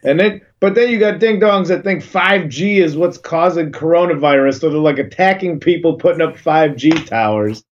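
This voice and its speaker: A man's voice: fairly high pitch, slight background noise. A man in casual comedic chat, sardonic and wry, talking over a remote call. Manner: sardonic, wry, slow and halting at times. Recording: dull remote call audio.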